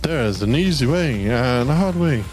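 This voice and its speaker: Lively young man from Denmark. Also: medium pitch, measured pace, faint music behind, low-quality recording. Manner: casual and playful, swears, talks to his pet. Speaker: gaming streamer. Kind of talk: reading a dating game aloud with commentary.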